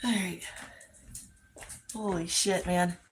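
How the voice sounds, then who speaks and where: A woman's voice: lowish voice, fairly even intonation, slow, slight background noise, poor audio. A woman hosting a casual livestream outdoors by a pool, talking loosely and profanely while coaxing her dogs along. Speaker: livestream host.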